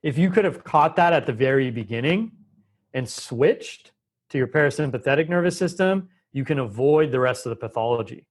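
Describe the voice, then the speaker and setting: A man's voice: mid-range voice, expressive, fairly quick. A man as a guest in a conversational interview, explaining with emphasis and changing his pace often. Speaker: Ayurvedic doctor, guest.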